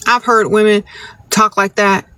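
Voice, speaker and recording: A woman's voice: mid-range voice, flat delivery, unhurried, a bit bright. A woman hosting a casual livestream, giving blunt, sassy relationship advice in a lecturing tone.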